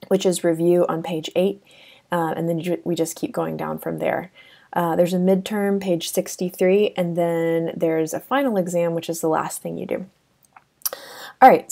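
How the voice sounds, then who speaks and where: A woman's voice: on the low side, creaky, a little mellow. A woman teaching a French lesson over a screen recording, chatty with many fillers and restarts.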